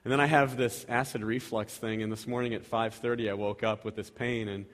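A man's voice: on the low side, fairly even intonation, a little fast. A man in his thirties or forties giving a casual, self-deprecating sermon and prayer at a church, rambling with restarts and chuckles. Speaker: lay preacher. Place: church sanctuary. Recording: reverberant church hall.

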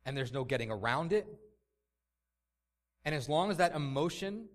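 A man preaching a sermon in an impassioned, emphatic way, often repeating words as he builds a point. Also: medium pitch.

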